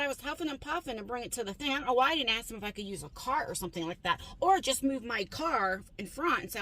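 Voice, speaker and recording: A woman's voice: a little high, fairly bright tone, rough recording. A woman rambling casually as she runs errands, chatting and correcting herself as she goes. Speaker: vlogger. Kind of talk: casual chat. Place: in a car and out running errands.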